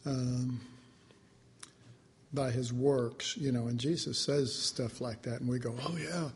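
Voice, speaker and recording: A man's voice: medium pitch, slow pace. Rambling man preaching informally. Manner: rambling, hesitant, with many fillers and animated acted-out quotes. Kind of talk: informal sermon.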